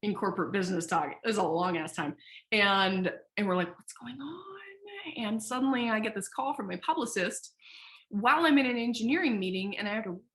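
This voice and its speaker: A woman founder, a podcast guest, telling her story in a candid, animated way that is loose with swearing. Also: medium pitch, brisk. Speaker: founder of a sexual wellness company, podcast guest. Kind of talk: casual interview storytelling.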